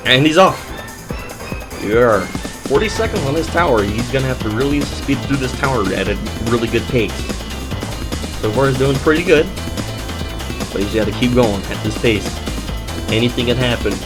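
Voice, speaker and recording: A man calling an obstacle course run as play-by-play commentary, excitable, with hesitant fillers between calls. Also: mid-range voice, normal speed, pauses often, low-quality recording. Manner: excitable, builds to loud shouts at big moments. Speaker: sports commentator. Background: background music.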